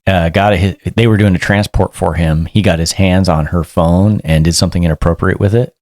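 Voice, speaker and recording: A man with a very low voice tells a story as a police sergeant. He keeps it casual and lively, acting out quotes along the way. The sound is dry and close. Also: brisk, no echo. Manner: animated, acts out quotes. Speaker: police sergeant, podcast guest.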